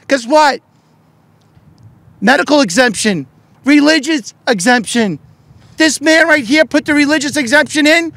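A middle-aged man, a politician and union leader, giving an impassioned speech at a press event, shouting with fervor and firing off rhetorical questions. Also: extremely high pitch, animated, unhurried, pauses often, no room sound.

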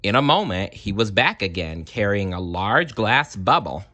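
A man's voice: fairly low pitch, normal speed, dry recording. A man reading a children's picture book aloud, adding short asides for listeners. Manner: animated, adds short asides. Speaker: storyteller.

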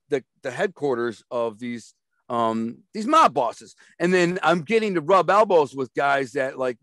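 A streetwise man spins long, rambling stories in a casual interview, repeating himself and slipping into other people's voices. His voice sits a little high for a man, and the sound is dry and close with no room around it. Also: a bit bright, no echo. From Detroit. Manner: rambling, repeats words, acts out quoted voices; streetwise and blunt. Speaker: interview guest.

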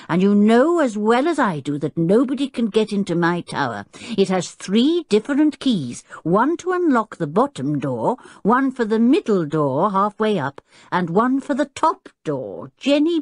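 A woman's voice: mid-range voice, a little mellow, no room sound, studio quality. A woman voicing a doubtful, patient male professor who reasons mildly and sighs. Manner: mild, sighing, reasoning.

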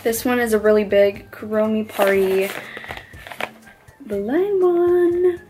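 Young woman vlogger, unhurried delivery, excitable and squealy over cute things, music bed underneath. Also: a little high. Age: young adult. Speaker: unboxing vlogger. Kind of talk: casual unboxing chat. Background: background music.

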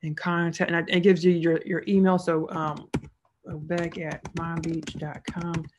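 A woman's voice: lowish voice, little pitch movement, measured pace, a little mellow, a little hiss or hum. A woman narrating a screen-recorded tutorial as an online seller, casual and thinking aloud as she clicks through each step.

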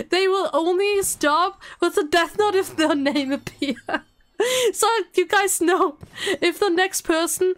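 A woman's voice: high voice, a bit bright. A woman streamer chatting live with her viewers, playful and dramatic, who breaks into giggles often.

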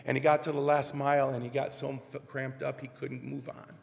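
Gravelly man preaching in a church. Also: medium pitch, little pitch movement, fairly quick. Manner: earnest, heartfelt, addresses congregation directly. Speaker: minister. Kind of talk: sermon. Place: church sanctuary. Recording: reverberant church live stream.

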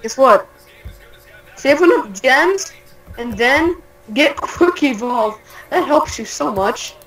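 Young gamer girl, a bit high-pitched, hyped and trash-talking, trips over her words. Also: slow pace, faint music behind, low-quality recording. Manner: excitable, trash-talking, stammers when flustered. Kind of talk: casual gaming chat.

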